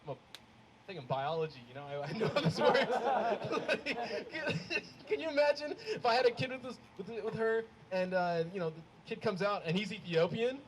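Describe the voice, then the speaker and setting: A young man performing a stand-up comedy set, telling stories in an animated way and laughing at his own jokes. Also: sits high, normal speed, crowd noise, poor audio. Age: young adult. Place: comedy show with a live audience.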